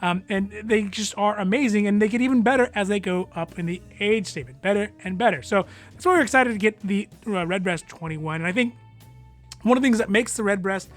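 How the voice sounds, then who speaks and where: Man, fairly high voice, casual vlog host, rambling, filler words, soft music underneath. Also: fairly quick. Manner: relaxed, rambling, many fillers and chuckles. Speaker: whiskey channel host.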